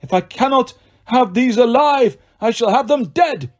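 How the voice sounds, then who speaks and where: A man's voice: very high-pitched, expressive, measured pace, pitched above the performer's own voice, heavily acted. A man doing a shrieking vengeful manticore. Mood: snarling. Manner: shouting threats. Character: vicious male manticore monster, menacing and vengeful.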